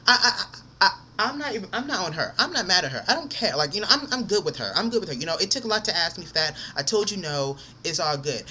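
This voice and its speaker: A man's voice: high voice, pushed and bright, slight background noise. Angry young man ranting to camera. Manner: heated, profane, repeats himself. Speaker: vlogger.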